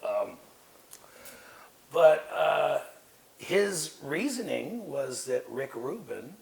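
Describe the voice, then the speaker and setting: A man's voice: on the high side, sing-song, drawn-out words, gravelly, pauses often, a little hiss or hum, poor audio. A middle-aged man, a guest on an interview show, telling rambling, profane stories in a casual way. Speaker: guest, wrestling manager.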